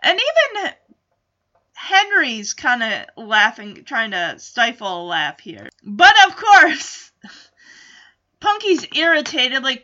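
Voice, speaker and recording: Woman reviewer, opinionated and expressive, high, bright voice, lo-fi audio. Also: unhurried. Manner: opinionated, animated storytelling. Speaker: reviewer recapping a TV episode. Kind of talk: casual recap commentary. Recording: slightly dull lo-fi audio.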